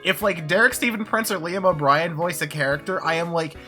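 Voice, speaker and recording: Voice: medium pitch, a little fast, bright, forceful tone, faint music behind. A streamer chatting casually during a video game stream, rambling and swearing, often laughing. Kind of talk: casual gaming stream chat.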